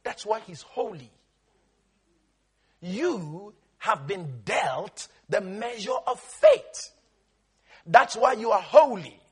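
A male preacher delivers an emphatic sermon, drawing responses from his listeners as he reads scripture. His voice is very high, husky and bright, swinging widely in pitch. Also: very animated, slow, long pauses.

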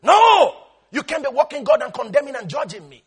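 Male preacher, very high sharp voice, breathy edge, sermon with call-and-response and shouted scripture. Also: lively intonation, fast talker. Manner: quotes scripture in King James wording. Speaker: pastor.

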